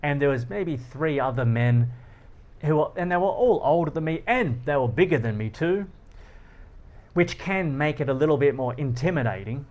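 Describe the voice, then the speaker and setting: A man hosting a philosophy talk, explaining ideas through personal stories, animated and often laughing. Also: a little high, normal speed, dull audio. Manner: animated, laughs often, acts out quoted lines. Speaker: philosophy channel host. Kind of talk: explanatory monologue with personal anecdotes.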